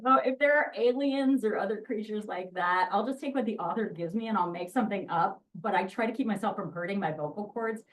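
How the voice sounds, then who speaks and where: A woman audiobook narrator giving a lively, chatty presentation about her work to an audience in a lecture room. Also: medium pitch, fairly quick, few pauses, far from the mic, low-quality recording. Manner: lively, chatty, jumps into voice demos.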